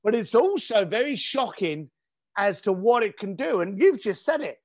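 A very animated, high voice at normal speed belongs to a middle-aged man from East London. As a guest entrepreneur and author in a casual interview, he tells his stories bluntly and with emphasis.

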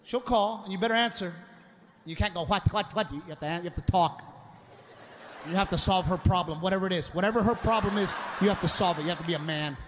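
A stand-up comedian ranting in an animated, exasperated way to a live audience on stage. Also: male voice, high voice, fast talker, big-room sound. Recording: live show with audience noise. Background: audience laughter.

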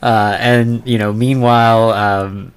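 A man's voice: medium pitch, steady tone, slow pace, smooth. Chuckling man recapping a film. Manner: chuckles often, loose and rambling. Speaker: podcast co-host. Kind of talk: casual film recap chat.

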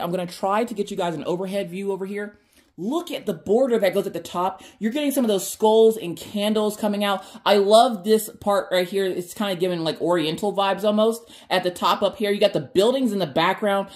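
A woman hosting an unboxing vlog, chatty and excitable, talking straight to her viewers. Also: medium pitch. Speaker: craft channel host.

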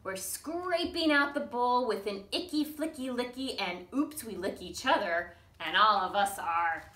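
A woman's voice: on the high side, expressive, a little slow, bright, forceful tone. A woman reading a picture book and nursery rhymes to young children at a library storytime, sing-song and coaxing them to join in. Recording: echoey room, mic at a distance.

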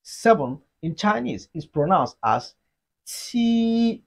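A Mandarin teacher giving an online lesson, explaining slowly and deliberately and leading repeat-after-me drills. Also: medium pitch, big pitch swings, darkish tone, slightly rough. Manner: slow, deliberate explaining, modeling sounds for learners.

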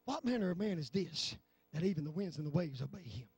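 A man preaching a fervent sermon in church, swinging from low talk to shouting. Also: expressive, fast talker, husky, dry recording, soft background music. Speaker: pastor. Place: church sanctuary.

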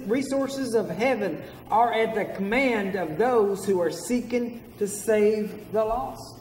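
Male pastor, earnest storyteller, high voice, long reverb, distant mic. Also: darkish tone, slight background noise. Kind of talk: sermon. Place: church sanctuary. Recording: roomy hall from afar.

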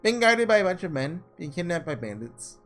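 A man voicing an earnest, principled young ruler, reading in a measured, formal way. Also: high-pitched, big pitch swings, soft background music.

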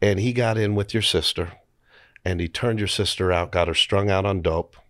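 A man's voice: low voice, steady tone, moderate pace, no room sound. A man hosting an interview, retelling the guest's stories back to him. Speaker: interviewer host.

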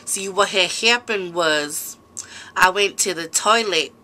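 A woman voicing a crude, unbothered young woman who tells a story in a slow, meandering way. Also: fairly low pitch, sharp tone. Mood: deadpan.

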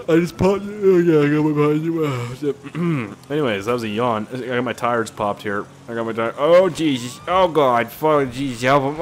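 A man giving casual, rambling gameplay commentary, excitable and swearing often. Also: fairly high pitch, slight background noise. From Canada. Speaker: gaming YouTuber.

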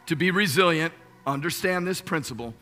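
A man's voice: on the high side, a little fast, bright, forceful tone, soft background music. A man preaching as lead pastor to a live congregation. He talks with emphasis, repeats key phrases and keeps asking the room questions. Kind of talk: sermon. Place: church sanctuary.

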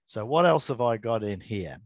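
A middle-aged man giving an informal Bible devotional to camera, earnest and chatty, often stopping to correct himself and slowing down to read verses. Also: lowish voice, lively intonation, no echo. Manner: earnest, chatty, self-interrupting, reads scripture slowly. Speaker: Bible teacher.

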